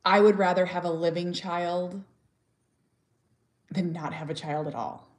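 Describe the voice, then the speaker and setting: Earnest mother with a slightly low voice. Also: steady tone, a little slow. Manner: earnest and heartfelt, with frequent restarts; talks openly and directly, sometimes blunt. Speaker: mother and author sharing her story. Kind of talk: candid personal vlog talk.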